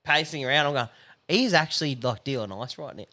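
An Australian man co-hosting a podcast, his voice bright and animated as he rattles off crude pub stories. He swears constantly and laughs a lot. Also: medium pitch, fairly quick. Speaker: podcast co-host. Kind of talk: casual crude storytelling.

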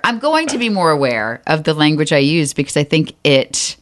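Woman co-host, low voice with a wide swing, self-mocking and chatty. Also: noisy background. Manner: lively, self-mocking, quick to laugh. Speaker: podcast co-host. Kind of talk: casual podcast chat.

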